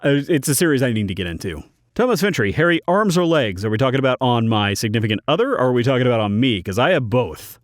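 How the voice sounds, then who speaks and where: A man reads out viewer questions in a casual Q&A and answers them bluntly and drily, often in a single word. His pitch moves up and down a lot as he talks. He is recorded close on a studio mic in a dead-sounding booth. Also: very animated, fast talker, dry recording. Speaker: YouTube channel host. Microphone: studio microphone in a recording booth.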